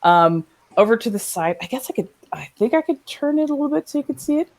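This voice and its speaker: A woman's voice: a little high, quick pace. Chatty woman telling a story animatedly. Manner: animated storyteller, acts out voices, laughs often. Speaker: podcast co-host. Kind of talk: casual chat.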